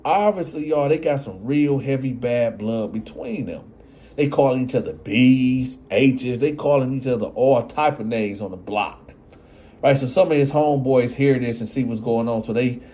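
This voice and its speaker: A man's voice: mid-range voice, dark tone. A man casually telling a story and speaking straight to his audience. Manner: conversational, addresses the audience.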